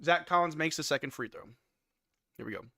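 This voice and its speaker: Streamer host, male, high bright voice, hype play-by-play on a dry mic. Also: brisk, no room sound. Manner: hype play-by-play, shouts on big plays. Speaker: live stream watch-along host. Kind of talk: excited live game commentary.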